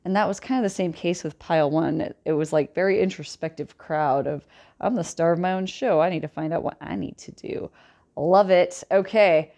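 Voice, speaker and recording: A woman's voice: on the low side, normal speed, warm tone. A woman giving a casual tarot reading, chatty and rambling, with a light Southern drawl that slips in. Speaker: tarot reader.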